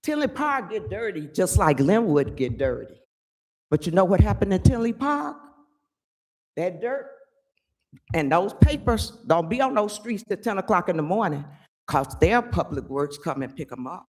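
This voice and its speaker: An older woman giving an angry, emphatic public comment at a village board meeting, often pausing to ask "okay?". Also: fairly low pitch, sing-song, darkish tone. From Chicago area.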